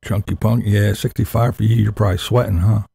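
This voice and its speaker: A man's voice: lowish voice, steady tone, a little fast, vocal fry, mellow, slightly rough, no echo. A man hosting a laid-back, crude morning live stream chat, talking to viewers in the chat.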